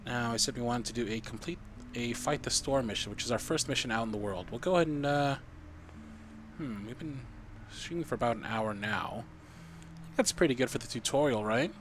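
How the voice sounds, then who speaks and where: A man's voice: mid-range voice, brisk, slight background noise. A man streaming a video game live, walking viewers through the steps in a chatty, explaining way.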